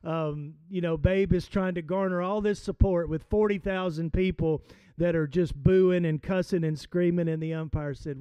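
Male preacher, chatty and halting, slows for emphasis; smooth, dry close sound. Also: high voice, fairly even intonation, no echo, highs cut off. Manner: conversational, hesitant with fillers, slows for emphasis. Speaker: pastor. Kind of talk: sermon with storytelling and scripture reading.

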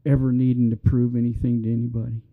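A middle-aged male pastor preaches in an earnest, conversational way that climbs into passionate appeals. His voice sits at an ordinary pitch for a man. The recording is slightly dull and lo-fi. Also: level tone, fast talker. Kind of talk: sermon.

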